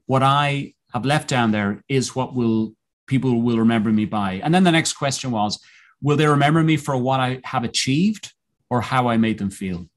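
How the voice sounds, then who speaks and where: A man's voice: mid-range voice, moderate pace. Podcast guest, male, mid-range voice; earnest, reflective storyteller who halts and restarts often. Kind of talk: personal storytelling in an interview.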